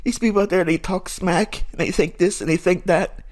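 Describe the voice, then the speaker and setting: A man's voice: sits high, fairly even intonation, moderate pace. Emphatic preachy middle-aged man. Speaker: trading mentor. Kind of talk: impassioned monologue to viewers.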